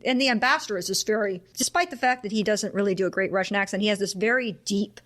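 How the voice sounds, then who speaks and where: A woman hosting a podcast, chatting casually about a classic film, animated and laughing often. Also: medium pitch, fast talker. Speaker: podcast host.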